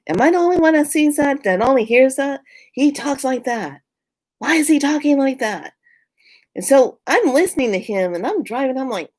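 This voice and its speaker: A woman from California talking casually to her viewers, outspoken and animated. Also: normal speed. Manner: animated, outspoken, jumps up in pitch when worked up. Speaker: spiritual vlogger. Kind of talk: casual chat to camera.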